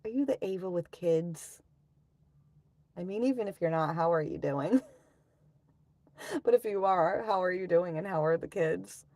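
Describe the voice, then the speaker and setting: Middle-aged woman, live streamer, low gravelly voice, sighs and swears while ranting casually. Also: normal speed, pauses often, mellow, no room sound. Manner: ranting, swearing, sighing often.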